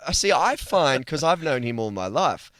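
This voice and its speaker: Aussie co-host, chatty and rambling, animated pitch, dry close recording. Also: male voice, normal speed, no room sound. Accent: Australian. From Australia. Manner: rambling, laughs often, tangents. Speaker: podcast co-host. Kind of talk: casual chat.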